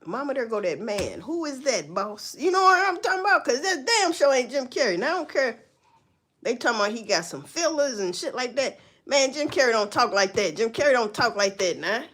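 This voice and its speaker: A woman's voice: a little high, very animated, moderate pace, a bit bright. A woman hosting a livestream, ranting bluntly and profanely with rhetorical questions. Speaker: livestream host. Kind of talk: casual livestream commentary.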